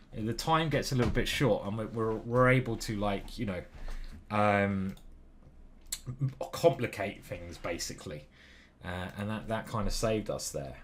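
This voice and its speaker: A man commentating on his own online chess game as he plays, muttering to himself, swearing and getting excited. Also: lowish voice. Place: small stuffy room.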